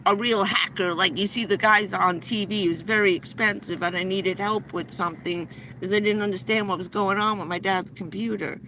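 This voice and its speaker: A middle-aged woman with a bright, clear voice spins a long story on her livestream, stumbling and restarting as she goes. A faint vehicle hum runs underneath. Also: medium pitch, fairly even intonation, a little fast, poor audio. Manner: rambling, breathless anecdote with many restarts. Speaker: livestream host. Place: inside a vehicle.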